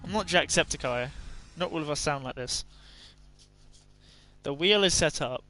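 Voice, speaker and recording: A man's voice: fairly high pitch, normal speed, pushed and bright, dry recording, soft background music. A young man from Ireland with an English accent, giving rambling, self-mocking commentary while streaming a game. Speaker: gaming streamer. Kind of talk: casual gameplay commentary.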